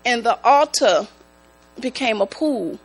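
A woman giving a church testimony, speaking in a slow, halting, emotional way. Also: a little high, slightly rough, low-quality recording. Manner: slow, halting, emotional, prone to rising excitement. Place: church sanctuary. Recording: mains hum in the background.

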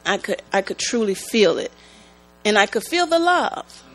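A woman giving a church testimony, speaking in a slow, halting, emotional way. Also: mid-range voice, soft background music, low-quality recording. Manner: slow, halting, emotional, prone to rising excitement. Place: church sanctuary. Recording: mains hum in the background.

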